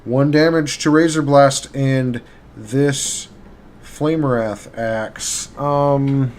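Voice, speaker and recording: A man narrating as game master for a live tabletop game, halting and filler-heavy as he describes the action. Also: mid-range voice, fairly even intonation, a little mellow. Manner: halting, with many fillers and restarts. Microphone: streaming mic.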